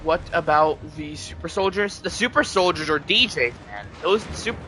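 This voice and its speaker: A man's voice: on the high side, expressive, normal speed, pushed and bright, slight background noise. A man streaming a game, chatting casually to viewers in a rambling way and often restarting his sentences. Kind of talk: casual live-stream chat.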